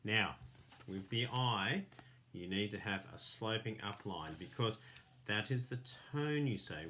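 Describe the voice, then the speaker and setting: A man's voice: lowish voice, animated, takes it slowly, fairly bright tone, a little hiss or hum. Patient man teaching kids a craft. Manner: patient, step-by-step instructions. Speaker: primary school teacher. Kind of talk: children's craft lesson.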